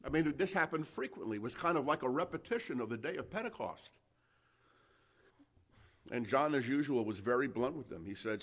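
A man's voice: mid-range voice, expressive, fairly quick. Impassioned male preacher in full sermon. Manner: impassioned, builds to loud exhortation, addresses listeners as friends; frequent restarts and fillers.

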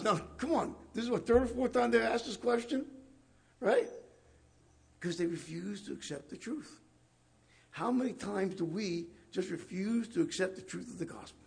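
A male preacher with a fairly high, gravelly, raspy voice that sounds worn and husky gives an animated, fairly quick conversational sermon. He reads scripture aloud and keeps putting rhetorical questions to the congregation.

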